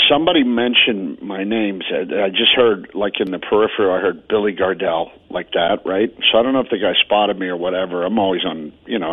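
Husky man over a dull phone line. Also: fairly low pitch. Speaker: comedian guest. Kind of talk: casual radio interview.

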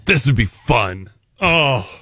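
A man's voice: mid-range voice, lively intonation, slow, pushed and bright, dry recording, soft background music. A man hosting a morning radio show, teasing his co-host in casual, jokey banter.

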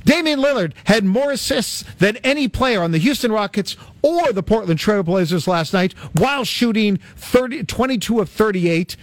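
Guy hosting sports talk, kinda high voice, dry close mic, sarcastic rambly banter. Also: animated, normal speed, hardly any pauses, dry recording. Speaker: sports radio host.

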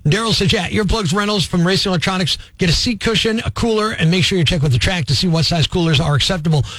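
A man hosting a morning radio call-in show, talking quickly and joking, sometimes working himself up into a rant. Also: high voice, fairly bright tone, no echo. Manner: quick, jokey, worked up. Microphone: studio microphone.

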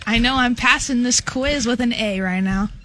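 A woman's voice: on the high side, fairly bright tone, a little hiss or hum. A woman playing along as a contestant in a radio quiz, joking back at the hosts. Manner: playful, quick-witted. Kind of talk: casual banter.

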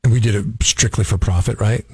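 A man co-hosting a radio morning show, chatting in an animated, opinionated way. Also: lowish voice, fast, husky, no echo. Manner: animated, opinionated, chuckles while talking. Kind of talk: casual radio banter.

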